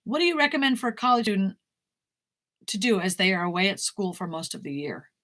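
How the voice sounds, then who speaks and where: A woman's voice: mid-range voice, big pitch swings, fairly quick, fairly bright tone. A woman, a talent manager, bluntly answering viewer questions in a casual live Q&A, swearing now and then.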